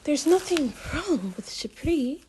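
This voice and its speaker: A woman voicing a mysterious older female psychic teacher in a storybook reading, speaking in a hushed, cryptic way that slips into whispers. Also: sits high, lively intonation, unhurried, slight background noise. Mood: firm.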